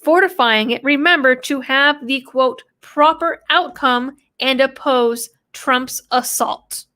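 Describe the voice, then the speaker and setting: A young woman with a fairly high voice reads a news article aloud and comments on it as she goes. She pauses on key phrases and answers them with sarcasm and skepticism. Her delivery is casual and conversational, with the loose, unscripted feel of someone talking her way through the text. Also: pushed and bright. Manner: sarcastic, quotes text then mocks it. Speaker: political commentator.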